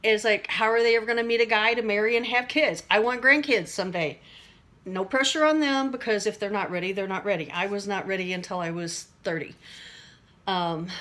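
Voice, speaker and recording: A middle-aged woman with a medium-pitched, slightly bright voice talks to camera about everyday stress. Her casual teaching monologue rambles along as she acts out little voices and laughs at herself.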